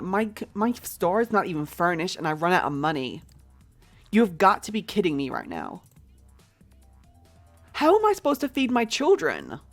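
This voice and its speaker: A woman putting on an American accent to play a brash mother who runs a store in a life-simulation game. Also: medium pitch. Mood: panicked. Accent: put-on American. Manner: playful, exaggerated role-play in a fake accent.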